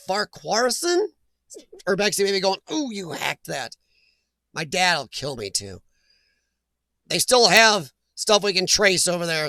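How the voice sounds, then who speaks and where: A man's voice: sits high, pushed and bright, no echo. A man hosting a casual live chat, reading viewer names aloud and laughing often. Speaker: livestream host reading chat.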